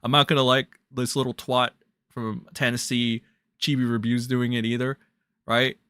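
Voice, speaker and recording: A man's voice: mid-range voice, flat delivery, normal speed, clean tone, no echo, clean studio sound. A young man ranting bluntly and crudely as a drama commentary streamer on a livestream. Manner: blunt, crude, ranting with sudden loud jumps.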